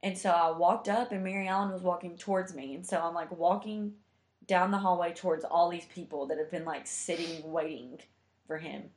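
A woman's voice: fairly low pitch, steady tone, moderate pace, roomy sound. A young woman telling a heartfelt personal story in a chatty way, full of fillers. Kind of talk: casual storytelling.

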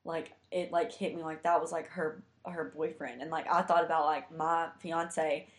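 A woman's voice: low-pitched, level tone, normal speed, echoey room. A young woman telling a heartfelt personal story in a chatty way, full of fillers. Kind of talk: casual storytelling.

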